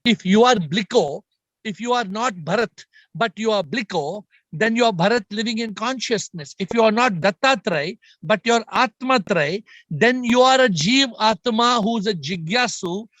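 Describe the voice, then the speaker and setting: A man's voice: high voice, animated, normal speed, a bit bright, dry recording. A man giving an emphatic spiritual talk on a group video call, repeating points and speaking straight to his listeners. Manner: emphatic, repetitive, addresses listeners directly. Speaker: spiritual teacher.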